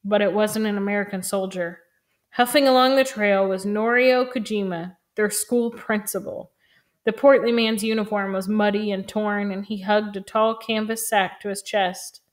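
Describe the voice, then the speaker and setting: A woman reading a novel aloud in a calm, even, measured way. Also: mid-range voice. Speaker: reader.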